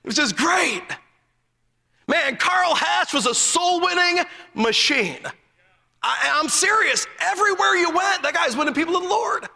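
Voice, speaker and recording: A male preacher delivering a fervent sermon, telling stories and breaking into emphatic shouts. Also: very high-pitched, lively intonation, a little slow, creaky, long reverb tail.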